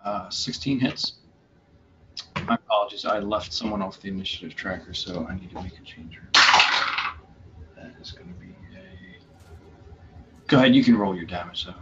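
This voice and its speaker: A man with a lowish voice, speaking a little fast, runs a tabletop game as game master. His narration is hesitant, full of fillers and restarts. The recording has a dull lo-fi quality with faint room noise.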